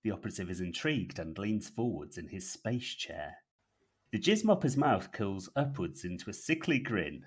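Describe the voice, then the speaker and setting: Man, comedy podcast co-host, reading written story, husky, very animated intonation. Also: fairly low pitch, normal speed. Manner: animated, laughs at own jokes. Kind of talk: reading a comic written scheme.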